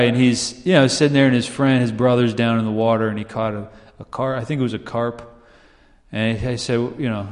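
A man preaching a sermon in a conversational way, often asking "right?" and acting out the people in his stories. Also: fairly low pitch. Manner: conversational, asks "right?" often, acts out quoted voices. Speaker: pastor. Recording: long hall reverb.

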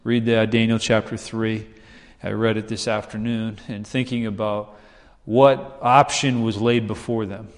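A man's voice: lowish voice, flat delivery, unhurried. Fervent male preacher in a reverberant hall. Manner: fervent, emphatic repetition, rising to bursts. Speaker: pastor. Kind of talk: sermon.

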